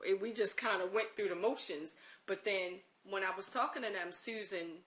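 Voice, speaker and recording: Bright-voiced woman telling a personal story. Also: mid-range voice, moderate pace. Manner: animated, acting out quoted conversations; emotional recollection. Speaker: interviewee.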